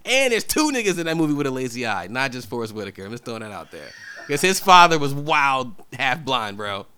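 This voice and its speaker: A man co-hosting a podcast, joking around in profane, quick banter. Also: mid-range voice, sing-song, pushed and bright, clean tone. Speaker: podcast co-host. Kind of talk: casual chat.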